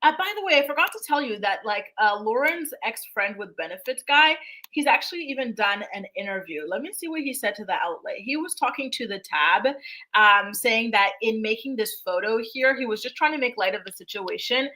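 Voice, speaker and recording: A woman's voice: on the high side, expressive, brisk, sharp tone, low-quality recording. A young adult woman hosting a casual livestream, chatting dramatically and reading viewer comments aloud. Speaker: host.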